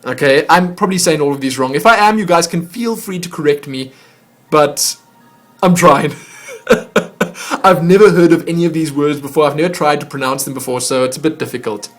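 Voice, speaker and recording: This man, a vlog host going through fan mail, talks casually to the camera and teases himself whenever he stumbles on foreign words. His fairly high voice moves at a moderate pace, with faint music behind it.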